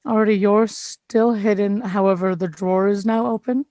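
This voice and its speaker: A woman's voice: medium pitch, normal speed, no room sound. Lady running a tabletop game, laid back, lots of ums, dry close sound. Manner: relaxed, hesitant, many ums. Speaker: game master.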